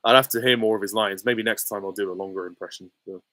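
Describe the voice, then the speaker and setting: A man with a lowish voice, talking casually through viewer questions on a livestream. He rambles, restarts and fills gaps with ums. The sound is dry and close, with no room around it. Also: fairly even intonation, fast talker, pushed and bright, dry recording, rough recording. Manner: rambling, many fillers and restarts. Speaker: YouTube host answering viewer questions.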